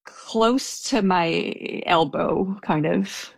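A woman's voice: lowish voice, extremely slow, creaky, husky, no echo. A young woman telling a personal anecdote in a casual, hesitant way, with small laughs. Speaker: storyteller guest.

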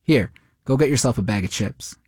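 Quiet evasive cab driver, a man reading. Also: expressive, fairly quick, breathy edge, no echo, studio quality. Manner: low-key, evasive.

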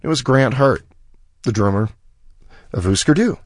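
A man's voice: medium pitch, moderate pace, no echo, clean studio sound. A man guest on a radio show, telling a long story and acting out the lines of the people in it. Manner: animated storyteller who acts out quoted dialogue. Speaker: musician guest.

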